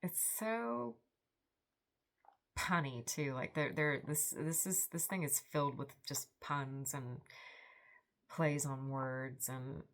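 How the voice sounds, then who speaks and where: A woman's voice: deep voice, takes it slowly, pauses often. A woman in her forties hosting a book vlog, chatty and enthusiastic in a rambling, casual way. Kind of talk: casual book review chat.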